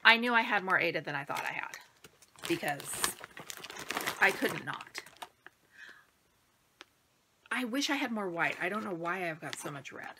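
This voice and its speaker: A woman's voice: on the low side, animated, normal speed, noisy background. A middle-aged woman vlogging casually from home about her stitching projects, out of breath, rambling and sometimes dropping to a near-whisper. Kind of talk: casual chat.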